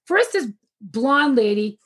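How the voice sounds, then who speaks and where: A woman telling a story in a casual video-call chat, animated and laughing often as she talks. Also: high voice, takes it slowly, breathy edge.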